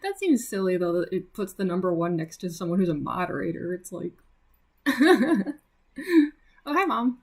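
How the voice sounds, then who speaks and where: A young woman chats with her audience as she draws on a livestream, leaning on fillers and light laughter. Her fairly low voice has a sing-song lilt and moves at normal speed.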